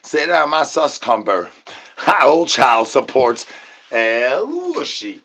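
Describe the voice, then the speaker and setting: A man's voice: mid-range voice, a little slow. A man ranting an absurd comedy monologue full of rhyming nonsense slang and stuttered repeated words. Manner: shouts out catchphrases. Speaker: comedy channel host. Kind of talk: absurd improvised comedy rant.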